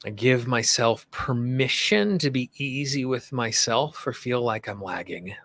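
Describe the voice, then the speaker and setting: Bright-voiced man guiding a tapping session. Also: medium pitch, lively intonation, no echo. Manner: slow, soothing affirmations; informal, chatty asides. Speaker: tapping coach. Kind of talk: guided tapping session, call and repeat.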